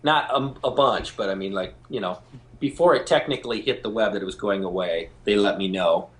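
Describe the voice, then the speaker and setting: A man being interviewed as a guest, telling stories in an animated way and acting out the voices of people he quotes. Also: lowish voice, brisk. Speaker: guest, game show host. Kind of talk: phone interview, storytelling.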